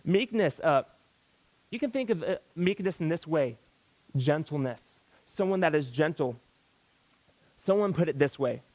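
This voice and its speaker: A man's voice: fairly high pitch, lively intonation, a little slow, pauses often, darkish tone, no echo, low-quality recording. A man preaching a sermon in a folksy, exclamatory way, breaking into sudden outbursts.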